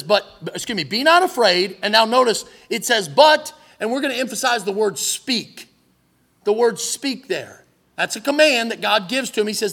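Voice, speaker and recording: A man's voice: high voice, gravelly, sharp tone, breathy edge. A man preaching an evening sermon, reading scripture in old-fashioned wording and stressing key words with emphatic rises. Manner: emphatic, rises on quoted verses.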